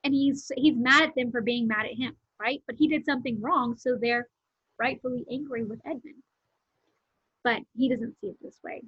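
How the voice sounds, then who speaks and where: A woman reads a novel aloud and stops now and then to explain things plainly. Her voice is breathy and slightly high. The dull, dry recording sounds lo-fi. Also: fairly even intonation, dry recording. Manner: pauses to explain words and events simply. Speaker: read-aloud narrator.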